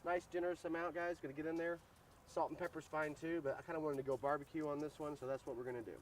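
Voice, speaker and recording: A man's voice: fairly high pitch, fairly even intonation, fast, slight background noise. A man hosting a casual cooking demo outdoors at a grill, joking around and talking to viewers as "guys.". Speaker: grill cooking show host.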